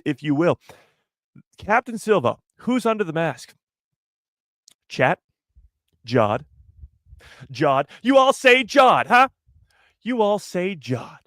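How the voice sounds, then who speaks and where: A man's voice: high voice, fairly bright tone, dry recording, studio quality. A young man hosting a casual live stream, talking to his chat in a playful, teasing way and piling up rhetorical questions.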